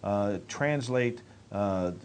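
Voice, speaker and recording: A man's voice: fairly low pitch, very slow, darkish tone, slight background noise. A man hosting a local talk show, asking questions and prompting his guest in an affable way. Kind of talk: casual talk show interview.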